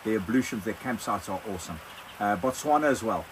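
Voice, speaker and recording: With a fairly low, expressive voice, an older man with a South African accent speaks fast while hosting a casual question-and-answer session for his overlanding vlog, wandering and repeating himself. A phone balanced on a wine box captures low-quality sound with slight background noise.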